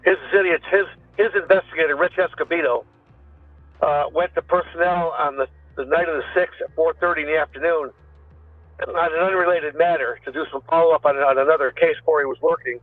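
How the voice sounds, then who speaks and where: A man's voice: on the high side, fairly even intonation, brisk, no room sound. A man, a former police detective, recounting events in a rambling, casual way, often slipping into quoting others. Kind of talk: recounting a story in casual talk. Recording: phone-like line with faint music.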